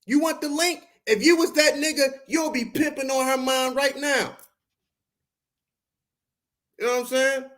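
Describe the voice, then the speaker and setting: A man's voice: extremely high pitch, fairly even intonation, unhurried, pauses often, fairly bright tone. A man from Baltimore with a Baltimore accent, hosting a podcast livestream and ranting at his chat in a confrontational, profane, preachy street style. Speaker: podcast host. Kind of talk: heated livestream rant at chat.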